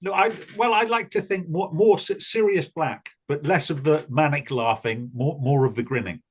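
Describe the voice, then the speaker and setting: A man's voice: a little high, normal speed, breathy edge. Welsh man chatting as a podcast guest. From Wales. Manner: relaxed, repeats words while thinking. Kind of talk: casual chat.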